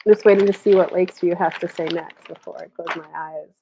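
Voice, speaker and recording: A woman's voice: lowish voice, steady tone, fairly quick, mellow, a little hiss or hum. A woman hosting a live stream of intuitive readings, chatting casually with many fillers and restarts, short of breath. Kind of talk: casual live-stream chat with channeled messages.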